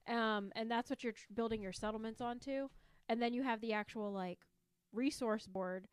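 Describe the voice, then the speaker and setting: This woman's voice is a little high, clear, and resonant, with no echo, and she speaks at a moderate pace. As a podcast co-host, she gushes about a board game in relaxed conversation, rambling slightly.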